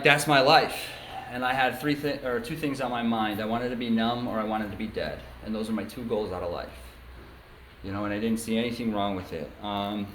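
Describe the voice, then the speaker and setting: A man's voice: on the low side, a bit bright, slight background noise. Young man from New York State, candid casual testimony full of fillers, recorded in a roomy hall. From New York State, USA. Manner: casual, frank storytelling with many ums and you-knows. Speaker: speaker sharing his story at a recovery meeting. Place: meeting room before a small group. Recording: echoey meeting room, faint ambience.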